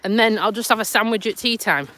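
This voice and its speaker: A woman's voice: medium pitch, quick pace, pushed and bright. A woman from Lincolnshire with a Lincolnshire accent and a stuffy nose, chatting casually on a live stream while out walking, recorded on a phone. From Lincolnshire, England. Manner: chatty and self-mocking, with frequent laughs and dialect words. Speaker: vlogger. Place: outdoors on a countryside walk.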